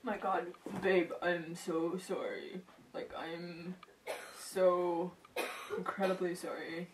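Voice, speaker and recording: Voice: mid-range voice, fairly even intonation, slow pace, a little hiss or hum, close to an everyday voice. A student acting a hot-headed young man in an amateur comedy sketch, pleading and repeating names, recorded from a distance. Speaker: student actor in a class skit.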